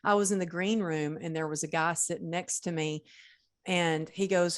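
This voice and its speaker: Woman, lowish pitch, earnest, animated, podcast host. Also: normal speed, smooth. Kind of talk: conversational interview.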